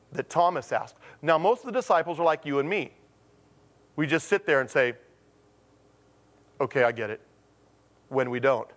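A male pastor preaches a sermon in an animated storytelling style, acting out quotes with sudden jumps in pitch. On his main points, he slows into a deliberate, emphatic delivery.

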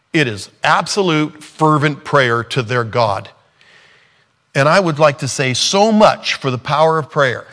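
This pastor's voice is on the high side and a bit bright. He preaches in a relaxed, sarcastic manner, dramatizing quotes as he talks.

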